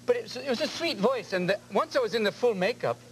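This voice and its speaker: A man chatting as a talk show guest, firing off jokes and slipping into quick impressions. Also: very high voice, lively intonation, rough recording. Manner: rapid-fire jokes, jumping into impressions. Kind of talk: comic talk-show banter. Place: television studio before an audience. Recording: hissy old VHS broadcast tape.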